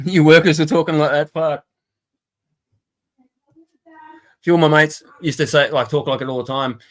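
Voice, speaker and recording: A man's voice: fairly high pitch, steady tone, moderate pace. Laughing, swearing man. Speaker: stream host. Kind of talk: casual livestream chat.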